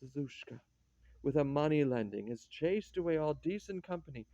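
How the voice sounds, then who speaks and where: Man reading as a sardonic old count, mocking and bitter, a bit high-pitched, mellow tone, dull dry sound. The teasing never lets up. A stage-play nobleman gone sour. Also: lively intonation, normal speed, no echo, natural voice.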